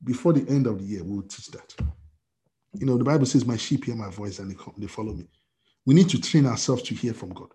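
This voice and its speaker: A man's voice: mid-range voice, quick pace, warm tone. A man preaching as pastor, emphatic and repetitive, with many restarts and fillers. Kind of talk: sermon.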